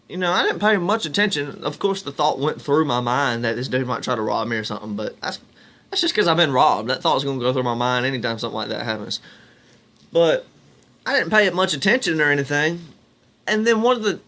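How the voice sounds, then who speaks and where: Rambling young man, fairly high. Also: fairly bright tone. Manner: rambling, restarts, talks to viewers as "y'all". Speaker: vlogger. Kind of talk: casual storytelling to camera.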